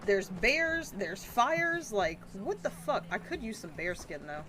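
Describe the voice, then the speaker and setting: A woman's voice: mid-range voice, very animated, measured pace, noisy background. A woman streaming a video game live, who startles easily, swears a lot and laughs between her reactions. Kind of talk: live gameplay reaction commentary.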